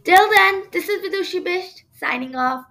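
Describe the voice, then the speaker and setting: A woman reading a children's book chapter aloud as storyteller, with expressive narration. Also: very high-pitched, moderate pace, vocal fry.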